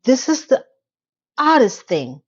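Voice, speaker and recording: A woman giving a casual, opinionated TV recap, chatty and rambling with quick asides, now and then acting out lines from the show. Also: sits high, very animated, breathy edge, lo-fi sound. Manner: acts out characters' lines in quick quotes. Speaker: TV recap reviewer.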